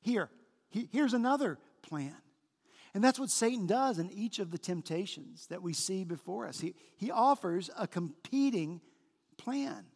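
Male senior pastor, high-pitched, emphatic sermon delivery, recorded in an echoing church hall. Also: animated, creaky, a little mellow. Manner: emphatic preaching, slow stressed phrases. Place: large church sanctuary. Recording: long church hall reverb.

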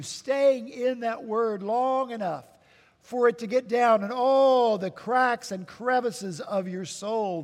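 Slow, emphatic preacher man. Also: high-pitched. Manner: slow, emphatic preaching with dramatic pauses and repetition. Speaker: pastor. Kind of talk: sermon. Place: church sanctuary. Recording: long church hall reverb.

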